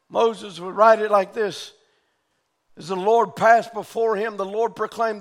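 A man preaching a sermon in a fervent style that often rises to shouting. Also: high voice, slow.

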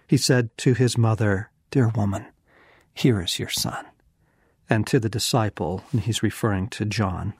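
A man with a husky, slightly low voice reads scripture and reflects on it in an earnest, hushed manner. He speaks very slowly and at moments sinks to a whisper. The sound is dry and close, with no room around it. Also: no echo. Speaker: devotional teacher. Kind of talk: scripture reading with reflective commentary.

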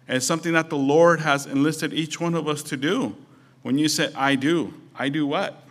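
A man's voice: fairly high pitch, steady tone, normal speed. A man preaching a sermon as pastor, conversational and storytelling with touches of humor.

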